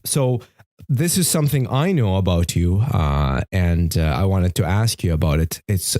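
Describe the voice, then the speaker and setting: A man's voice: low voice, animated, moderate pace, a little mellow, dry recording, clean studio sound. A man hosting an interview show, asking questions with many restarts and fillers. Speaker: host. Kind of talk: interview podcast.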